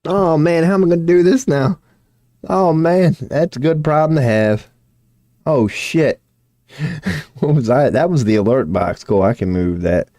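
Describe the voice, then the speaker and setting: A man's voice: fairly high pitch, unhurried, warm tone, dry recording, clean studio sound. A young man streaming live, talking to himself and his chat in a rambling, self-deprecating way, full of slang and swearing. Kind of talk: casual livestream monologue.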